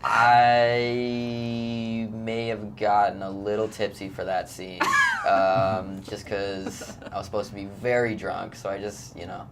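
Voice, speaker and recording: Male actor guest, deep low voice, casual and halting. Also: completely flat delivery, background noise. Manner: laid-back, hesitant, many ums. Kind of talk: casual interview chat.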